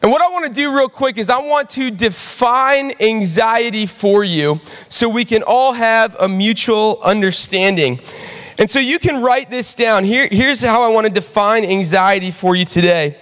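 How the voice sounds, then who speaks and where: A very high-voiced young pastor delivers a sermon to a full house at a moderate pace, spinning a lively story with lots of animation. He calls out to the congregation and keeps engaging the room, while the big auditorium's long reverb hangs on his words.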